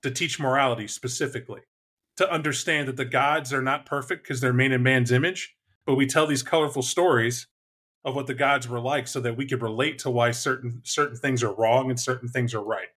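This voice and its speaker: A man in casual conversation about tabletop games, animated and quick to act out voices. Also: mid-range voice, slightly rough. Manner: animated, acts out voices and shouts in bursts.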